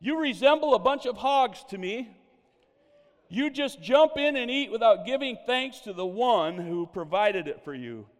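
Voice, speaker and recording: A man's voice: very high voice, animated, drawn-out words, few pauses, long reverb tail, voice pushed up, heavily acted. A man voicing a stern older male evangelist with a brogue, blunt and commanding. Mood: scolding.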